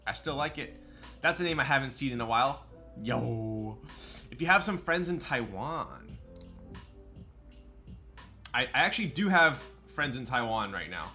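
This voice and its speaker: A man's voice: mid-range voice, big pitch swings, measured pace, pauses often, pushed and bright, soft background music. A man chatting casually on a live stream, answering his viewers' questions as they come in. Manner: chatty, loose, reads and answers chat.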